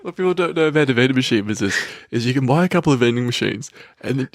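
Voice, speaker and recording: A man co-hosting a podcast, trading casual banter with deadpan jokes. The recording is dry and close, with no room sound. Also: medium pitch, racing, no echo. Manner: dry joking, laughs at own bits. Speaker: podcast co-host.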